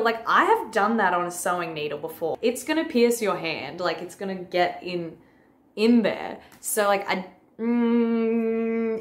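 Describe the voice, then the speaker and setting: A woman's voice: mid-range voice, reverberant. A woman who works as a piercer, giving frank, casual commentary and explaining things with a few swear words. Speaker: professional piercer reacting to a video.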